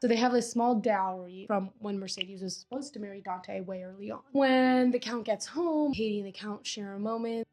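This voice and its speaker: A young woman casually recapping a novel she read, chatty and animated, acting out the characters' lines with lots of "like". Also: mid-range voice, a little fast, hardly any pauses. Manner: chatty, animated retelling full of "like" and quoted dialogue. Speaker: book reviewer.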